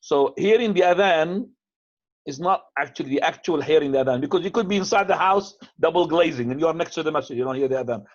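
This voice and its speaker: A teacher with a fairly high voice talks quickly, answering questions in a casual, conversational lecture. He mixes in Arabic phrases and restarts his sentences, and the upload sounds dull and lo-fi.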